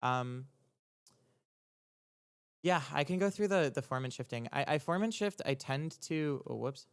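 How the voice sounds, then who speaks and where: A young man, a music producer, talking casually on a livestream as he breaks down his own track, rambling and halting with lots of ums, restarts and casual swearing. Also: fairly high pitch, animated, smooth. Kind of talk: casual explanatory livestream talk.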